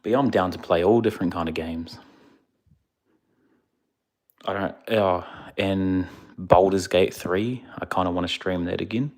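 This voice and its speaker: A laid-back male streamer, chatting casually with viewers. His voice sits very low, and he rambles a bit, sounding a little sleepy. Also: measured pace, long pauses, a little mellow. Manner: laid-back, rambling, answers chat questions. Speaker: livestreamer. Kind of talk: casual live-stream chat.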